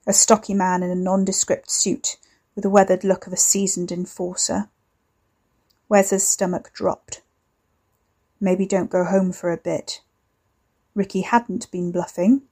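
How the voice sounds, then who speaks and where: Mellow woman narrating a story. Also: lowish voice, little pitch movement, a little slow, pauses often. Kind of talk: scripted narration.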